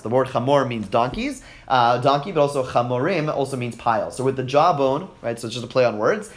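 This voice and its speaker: A man's voice: mid-range voice, brisk, few pauses. A man teaching a class, reading verses aloud and translating them, often praising his students' answers. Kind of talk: classroom text study.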